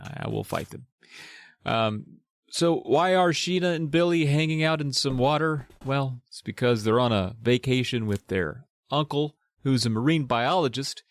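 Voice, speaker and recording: A man's voice: medium pitch, normal speed, hardly any pauses, dry recording, clean studio sound. A man co-hosting a casual book podcast, summarizing the plot with wry humor. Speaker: podcast co-host.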